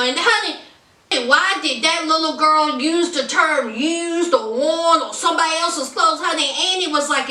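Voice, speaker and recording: A woman's voice: high-pitched, unhurried, pushed and bright, recorded from a distance. A woman giving sassy, gossipy casual commentary on a reality show, calling her viewers honey and child. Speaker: reality TV reviewer. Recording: roomy, voice off the mic.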